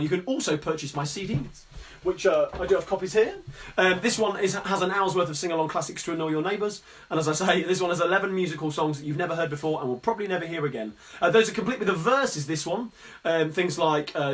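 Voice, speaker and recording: A man's voice: fairly high pitch, fairly bright tone. A man hosting a live-streamed sing-along from his music room at home, chatting in a friendly, rambling way between songs. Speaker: sing-along host and performer. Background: guitar playing.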